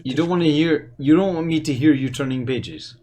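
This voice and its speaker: A man's voice: on the high side, brisk, darkish tone. A man co-hosting a podcast, chatting in a playful, enthusiastic way. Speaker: podcast co-host. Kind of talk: casual chat.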